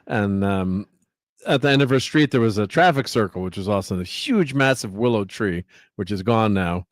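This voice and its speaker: A man chatting casually as co-host, easygoing and quick to chime in with agreement. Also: fairly low pitch, lively intonation, dry recording, clean studio sound. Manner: easygoing, frequent agreeing interjections. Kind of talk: casual chat.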